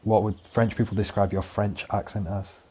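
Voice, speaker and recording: A man's voice: on the low side, flat delivery, normal speed, darkish tone, husky. An English man hosting a casual chat, rambling and chatty with lots of fillers and casual swearing. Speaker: podcast host.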